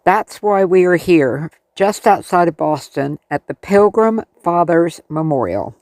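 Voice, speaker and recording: Slow-talking American travel vlogger. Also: mid-range voice, lively intonation, a little mellow, no room sound. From United States. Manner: chatty, friendly tour-guide storytelling. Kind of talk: casual travel vlog narration.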